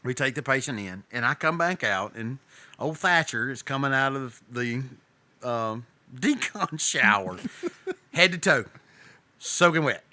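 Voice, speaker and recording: A paramedic and podcast co-host who tells stories in a casual way, with a lot of laughing and swearing. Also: male voice, medium pitch, a little slow. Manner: animated, laughing, profane storyteller. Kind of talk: casual storytelling chat.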